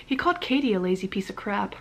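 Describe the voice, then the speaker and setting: A woman's voice: medium pitch, lively intonation, fast, fairly bright tone. A woman vlogger telling a casual story-time tale, rambling with many fillers and dipping into whispers now and then.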